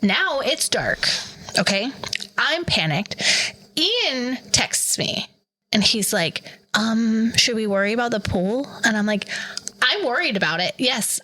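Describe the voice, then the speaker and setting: A woman's voice: fairly high pitch, sing-song, takes it slowly, sharp tone, rough recording. A woman in her thirties, a podcast co-host, animatedly retelling a story in casual chat and acting out the quoted voices.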